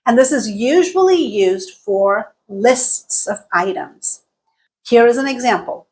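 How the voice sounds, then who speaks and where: A woman teaching a lesson, speaking clearly and deliberately and exaggerating pitch in her example sentences. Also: expressive, darkish tone. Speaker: English teacher. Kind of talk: explanatory lesson with spoken examples.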